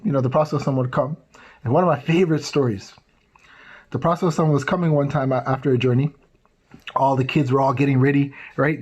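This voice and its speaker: A man telling religious stories to tweens in a casual, animated way, checking in with the listeners often. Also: on the high side, muffled recording. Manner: casual, animated, tags lines with "right?"; acts out quoted voices. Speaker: youth speaker. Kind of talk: storytelling talk to tweens.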